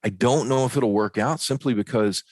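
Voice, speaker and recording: A man from Arkansas co-hosting a podcast, breaking down college baseball in a folksy, animated way with plenty of fillers and jokes. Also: mid-range voice, moderate pace, no room sound. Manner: folksy, animated, joking analysis with many fillers. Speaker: podcast co-host. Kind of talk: casual sports talk. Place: ballpark.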